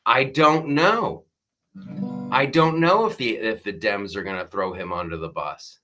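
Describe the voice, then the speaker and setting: A man's voice: on the low side, measured pace, pushed and bright, faint music behind. A man hosting a live comedy talk stream in a casual chat style, riffing jokes and reading viewer comments aloud.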